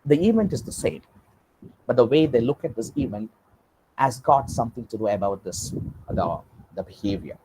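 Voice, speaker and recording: A man's voice: moderate pace, pauses often, a little hiss or hum, rough recording. A man giving an online lecture, telling a story and acting out its characters. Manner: animated, acts out story characters with big pitch swings. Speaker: guest lecturer.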